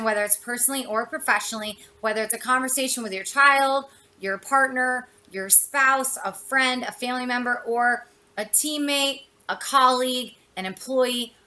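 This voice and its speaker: A woman communication coach giving an expressive, chatty motivational talk, full of "you know" and "like". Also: a little high.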